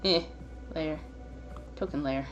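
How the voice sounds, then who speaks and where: A woman's voice: deep voice, unhurried, loud music behind the voice. A young woman narrating a tabletop game as game master, laughing often and hesitating while she sorts things out.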